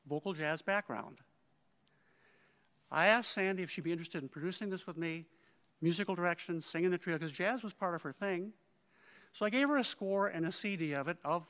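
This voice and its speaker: A man's voice: high voice, a bit bright. A male conductor giving a heartfelt eulogy, telling stories and often quoting others. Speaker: conductor at a memorial. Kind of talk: eulogy speech. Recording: long reverb of a large hall.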